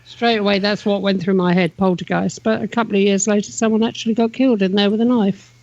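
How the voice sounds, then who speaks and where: A woman's voice: mid-range voice, steady tone, quick pace, a little mellow, dry recording, dull audio. Chatty woman radio co-host. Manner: chatty, informal. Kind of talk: casual radio chat.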